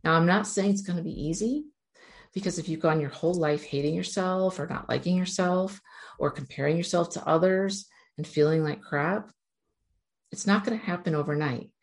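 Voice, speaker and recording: A woman with a low, deep-set voice speaks straight to her viewers in an earnest, encouraging motivational talk. She addresses them directly and keeps urging them on. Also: normal speed. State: near tears at moments. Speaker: self-help speaker.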